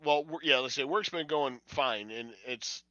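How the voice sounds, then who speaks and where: A man's voice: medium pitch, normal speed, bright, forceful tone, no room sound. Profane rambling man on a podcast. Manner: rambling, profane, laughs often. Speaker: podcast host. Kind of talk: casual chat. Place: at home. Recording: dull lo-fi audio.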